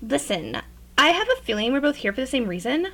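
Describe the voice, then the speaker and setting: A woman's voice: high voice, big pitch swings, brisk, pushed and bright, full character voice. A woman voicing a wisecracking hero companion who teases with sarcastic quips.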